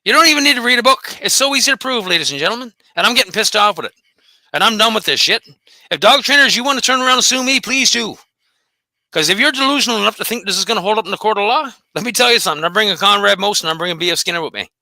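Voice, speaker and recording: Fast, fired-up ranting man. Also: high-pitched, animated, pushed and bright, dry recording. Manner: profane, combative, taunting. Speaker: host of a dog behavior channel. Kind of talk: angry solo rant.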